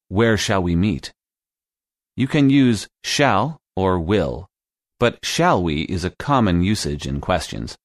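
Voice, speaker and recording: A man narrating a scripted English lesson podcast in a slow, clear teaching manner. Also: low-pitched, dry recording, studio quality.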